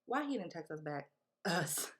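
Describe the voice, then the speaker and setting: A young woman vlogging, telling a story in a casual, slangy, animated way and acting out what people said. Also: fairly low pitch, moderate pace. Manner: animated, slangy, acts out quotes.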